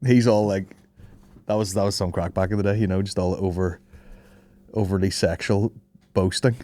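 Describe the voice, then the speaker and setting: A man's voice: low-pitched, fairly even intonation, moderate pace, mellow, a little hiss or hum. A young man hosting a podcast, rambling through stories with lots of swearing and laughter. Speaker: podcast host. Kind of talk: casual chat.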